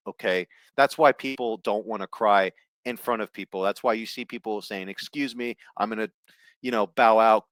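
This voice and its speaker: A lower-voiced man holds forth alone in casual, profane commentary, blunt and sarcastic. The sound is close and dry, with no room around it. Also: fairly bright tone, dry recording. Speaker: host.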